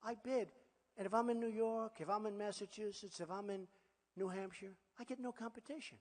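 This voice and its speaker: A man's voice: high voice, steady tone, a little fast. Boastful man at a rally, hall echo. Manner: boastful, repetitive, conversational asides to the crowd. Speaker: political candidate. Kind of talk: campaign rally speech. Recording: long hall reverb at a rally.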